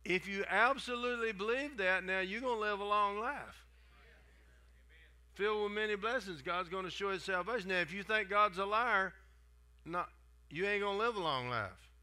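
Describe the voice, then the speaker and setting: An older man, his voice notably bright and somewhat high for a man. He talks in a folksy, conversational way, tossing in asides and restarting sentences as he goes. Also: moderate pace. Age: 70s. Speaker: guest preacher. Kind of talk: sermon.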